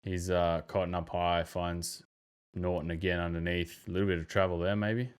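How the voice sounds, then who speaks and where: Deep-voiced man breaking down basketball. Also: moderate pace, smooth. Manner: animated, bursts into loud mimicry and exclamations. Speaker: podcast host. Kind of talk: casual basketball game breakdown.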